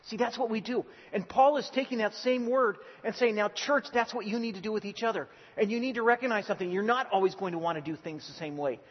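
A man's voice: high-pitched, fast talker, few pauses, slightly rough. A male pastor preaching a sermon in a church, earnest and emphatic, often restarting his words. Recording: dull lo-fi recording with long hall reverb.

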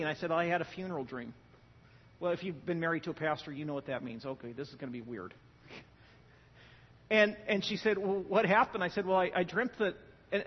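High, animated preacher in an echoing hall. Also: male voice, breathy edge. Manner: animated, joking storyteller who swings from loud emphasis to quiet. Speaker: pastor. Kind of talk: sermon. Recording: dull lo-fi sound with long hall reverb.

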